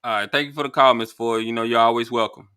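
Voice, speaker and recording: A man hosting a live call-in show, chatty and relaxed as he thanks callers and talks to his viewers. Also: medium pitch, fast, smooth. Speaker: host.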